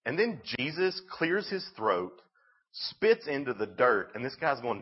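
A man giving a youth sermon, telling the story in an animated, casual way with lots of "like"s. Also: mid-range voice, moderate pace, slightly rough, dull audio. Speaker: youth speaker.

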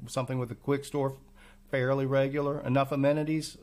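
A man hosting a podcast over a remote call, asking questions in a casual, halting way with restarts. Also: medium pitch, little pitch movement, darkish tone. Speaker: podcast host. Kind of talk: casual chat.

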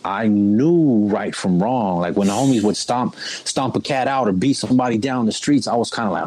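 Speaking at normal speed in a lowish voice with a darkish tone, a young man recounts his life in relaxed, slangy terms. He keeps dropping "bro" and "you know what I mean," and the audio is poor.

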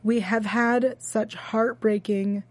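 A woman co-hosting a TV after-show, recapping an episode in casual chat and talking in halting bursts full of fillers and restarts. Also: a little high, steady tone, no echo.

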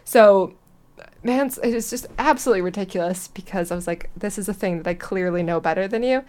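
A woman in her twenties chatting casually on a podcast, telling stories in an animated way. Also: medium pitch, a little fast. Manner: animated storytelling, mimics others in quoted lines. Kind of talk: casual chat.

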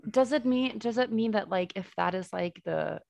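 A woman's voice: medium pitch, moderate pace, creaky, crowd noise. A woman playing in a tabletop game, teasing the other players in playful banter.

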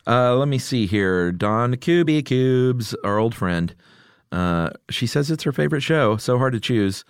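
A man's voice: medium pitch, animated, measured pace, smooth, dry recording, studio quality. A middle-aged man hosting a podcast in casual chat, reading listener picks aloud and laughing often. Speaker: podcast host.

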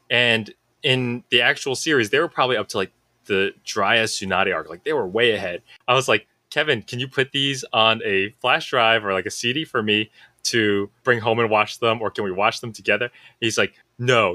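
A man's voice: mid-range voice, no room sound. A man in his thirties on a podcast, telling a childhood story in casual chat, acting out what his friends said. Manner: animated storyteller, acts out quoted friends. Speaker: podcast co-host.

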